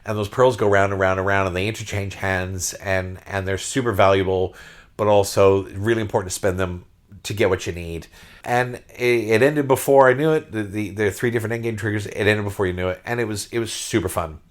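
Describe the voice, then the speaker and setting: A middle-aged man hosting a podcast, telling a story in a casual, excitable way that often repeats words and restarts. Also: on the low side, a little fast. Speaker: podcast host.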